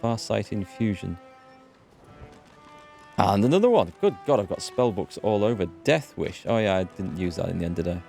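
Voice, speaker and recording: Rambly english gamer guy, lowish voice, quiet game music under it. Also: lively intonation, moderate pace, vocal fry. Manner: rambling, chatty, restarts often. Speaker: gaming host. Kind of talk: casual let's play commentary. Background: faint game music.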